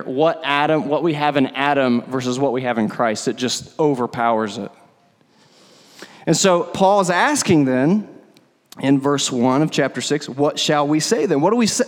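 A man preaching a sermon as pastor, conversational and emphatic, often repeating words for stress. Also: mid-range voice. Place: church sanctuary. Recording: long hall reverb.

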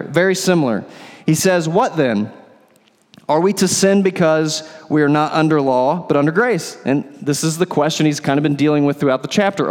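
A male pastor preaching a sermon, explaining scripture and asking rhetorical questions. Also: on the high side. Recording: long hall reverb.

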